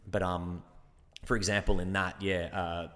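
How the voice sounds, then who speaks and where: An Australian man talks casually as a podcast guest, wandering through his thoughts and restarting his sentences. His voice sits fairly low, and the sound rings with a long reverb. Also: flat delivery, measured pace, fairly bright tone, a little hiss or hum. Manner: rambling, thinks aloud with restarts. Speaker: guest actor.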